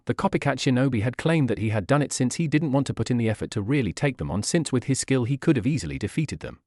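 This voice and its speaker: A man narrating a fan fiction story in a steady storytelling manner. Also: medium pitch, no echo, clean studio sound.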